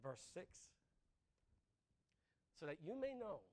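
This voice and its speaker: Male pastor, high and very expressive pitch; conversational sermon, quick laughs, asks the room questions. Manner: conversational, rhetorical questions, laughs at own jokes. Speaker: preacher.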